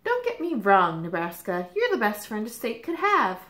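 A woman voicing a bored, restless male state in a picture book, complaining in a drawn-out way, in a roomy space. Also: fairly high pitch, wildly swooping pitch, a bit bright. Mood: eager. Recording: roomy echo.

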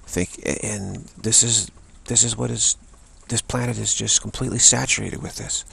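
Guy doing a rambling spiritual talk, real gravelly voice, kinda husky, lots of restarts. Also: on the low side, steady tone, pushed and bright. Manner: halting, repeats words, with long pauses. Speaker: spiritual teacher.

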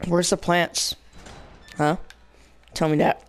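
A man's voice: fairly high pitch, level tone, slow, a little hiss or hum. A young man commentating his own gameplay, rambling and jokingly insulting the characters on screen. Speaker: gaming channel host. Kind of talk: let's play commentary.

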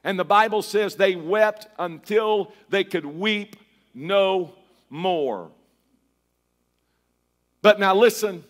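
A middle-aged male pastor preaching a sermon in a church, moving from hushed storytelling to a fervent, half-sung shout. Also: high-pitched, slow, pauses often.

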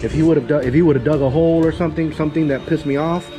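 A man's voice: a little high, steady tone, fast, big-room sound, over music. A man with a Texan accent, a dog trainer talking casually and profanely to the camera, his dogs and a helper while he trains.

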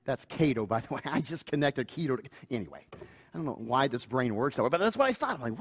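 Middle-aged pastor guy preaching, kinda high voice, earnest, jokes around and does family voices. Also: fast. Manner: earnest, animated preaching with asides and chuckles; acts out quoted family voices in higher pitch. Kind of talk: sermon.

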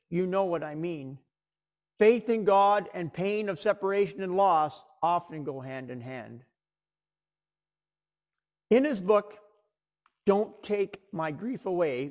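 A middle-aged man pastor preaching a sermon, retelling scripture dramatically with big swings in pitch and careful pauses. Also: darkish tone.

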